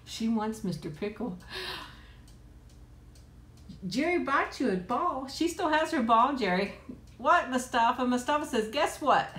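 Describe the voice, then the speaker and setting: A woman's voice: fairly high pitch, expressive, measured pace, pauses often, a bit bright. Chatty middle-aged woman in an echoey room. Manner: chatty, laughs often, coos at her pet. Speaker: live stream host. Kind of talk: casual live chat. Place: at home. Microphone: tablet.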